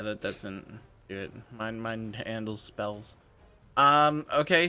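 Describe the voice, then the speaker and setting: A man's voice: mid-range voice, sharp tone. A man playing a tabletop game in casual chat, loose and swearing freely. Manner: loose, swearing, quick to laugh. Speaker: player.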